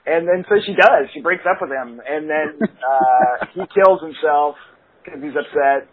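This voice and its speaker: A podcast co-host with a slightly high, breathy voice rambles at a measured pace through a silly story on a casual comedy show, full of fillers and laughs. The audio is tinny and phone-like with a faint hiss.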